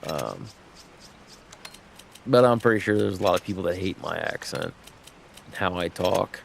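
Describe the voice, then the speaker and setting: A man's voice: deep voice, expressive, a little slow, creaky, a little hiss or hum. A man streaming a game, chatting casually and rambling with lots of fillers and restarts. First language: English. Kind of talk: casual livestream chat while gaming.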